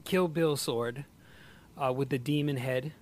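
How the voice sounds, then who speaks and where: A man in casual chat, reacting with loud exclamations, swearing and laughing often. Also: mid-range voice, unhurried.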